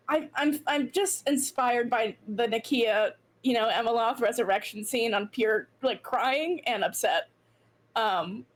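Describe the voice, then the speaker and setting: A woman player chatting casually at a tabletop game, thinking aloud with many fillers. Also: on the high side. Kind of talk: casual chat.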